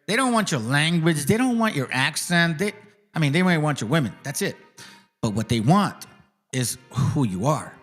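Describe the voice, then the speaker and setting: A man's voice: on the high side, normal speed, faint music behind. A man hosting a podcast in casual chat, talking bluntly and with plenty of swearing. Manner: blunt, profane, animated. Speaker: podcast host.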